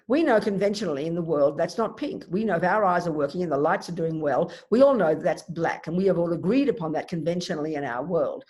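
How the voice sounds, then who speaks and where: A woman giving a Buddhist dharma teaching, emphatic and animated, thinking aloud with restarts. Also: fairly low pitch.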